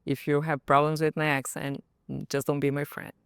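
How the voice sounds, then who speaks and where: A woman's voice: sits low, normal speed, clear, resonant tone. A woman with a Brazilian accent, a podcast guest speaking frankly and with laughter in a casual roundtable chat. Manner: frank, laughing, animated storytelling.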